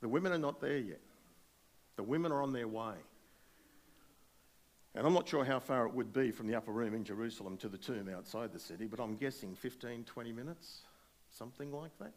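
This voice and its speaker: A male pastor preaching a sermon, retelling a scripture story with animated, speculative asides. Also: mid-range voice, brisk, pauses often.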